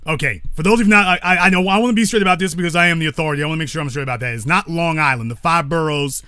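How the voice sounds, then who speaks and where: A man's voice: fairly high pitch, rapid-fire, bright, forceful tone, clear, resonant tone, no room sound, clean studio sound. A man hosting a call-in talk show, speaking bluntly with profanity and stopping to correct himself.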